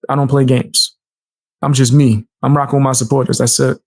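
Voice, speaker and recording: A man's voice: mid-range voice, level tone, fairly quick, a little mellow, no room sound, studio quality. A man streaming live, reacting to a video with profane, mocking commentary. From United States.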